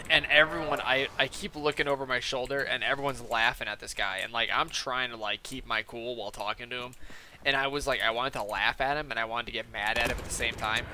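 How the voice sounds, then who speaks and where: A man's voice: medium pitch, noisy background. A young man hosting a gaming channel, telling a story in a rambling, profane, casual way full of fillers. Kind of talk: casual storytelling over gameplay.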